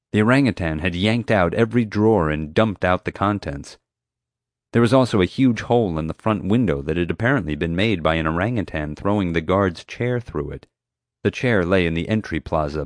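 Male narrator, low voice, dry close studio sound, first-person storytelling. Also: no echo. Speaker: audiobook narrator.

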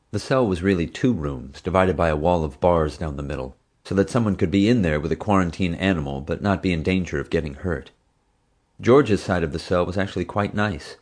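Deep-voiced male audiobook narrator. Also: a little mellow. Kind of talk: first-person audiobook narration.

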